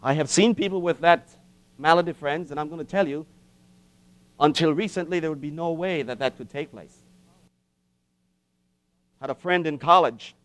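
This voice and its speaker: A man preaching a sermon in an impassioned way, with dramatic pauses and repetition. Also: on the high side, a bit bright, no room sound.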